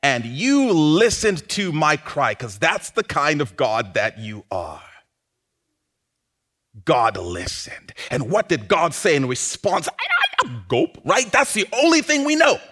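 A man preaching a sermon, swinging from hushed, drawn-out phrases to sudden shouts. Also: fairly high pitch, sing-song. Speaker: pastor.

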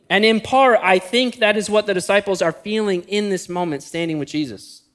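A pastor preaches to his congregation. He is a middle-aged man with a rather high voice. He moves between quick storytelling bursts and slow, weighty phrases. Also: a bit bright. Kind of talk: sermon.

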